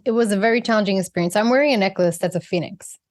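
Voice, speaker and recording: A woman who is a guest on a podcast, speaking in an expressive, earnest way about her inner life. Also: mid-range voice, very fast. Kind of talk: heartfelt spiritual conversation.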